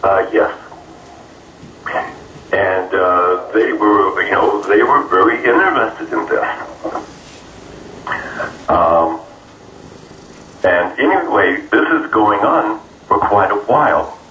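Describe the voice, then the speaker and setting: Low-voiced man telling a story. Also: expressive, bright, forceful tone. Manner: earnest, halting with fillers. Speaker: interview guest. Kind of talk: personal storytelling. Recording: roomy, distant mic, faint noise.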